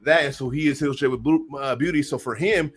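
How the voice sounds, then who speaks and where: A man's voice: a little high, fast talker, faint music behind. A man from the US Northwest in a casual podcast conversation, laid-back and profane, chuckling between his points.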